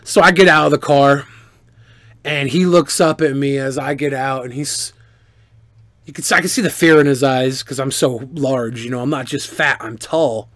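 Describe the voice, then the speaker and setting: A man streamer answering viewer questions in casual, animated storytelling, profane and boastful. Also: medium pitch, normal speed, no room sound.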